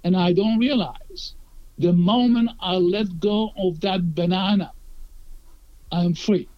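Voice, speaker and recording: A man with a high voice tells a personal story in an earnest, conversational way and acts out the lines of the people in it. The recording sounds dull and lo-fi. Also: slow pace. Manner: earnest, acts out quoted dialogue.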